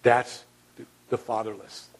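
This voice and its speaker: A man preaching a sermon as pastor, earnest, swinging from loud to hushed and repeating words as he restarts. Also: medium pitch, level tone, a little slow, low-quality recording.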